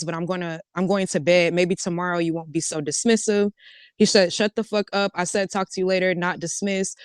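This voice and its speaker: A woman casually recounting a conversation, reading text messages aloud in a relaxed "he said, I said" way. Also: lowish voice, clear, resonant tone, dry recording, clean studio sound.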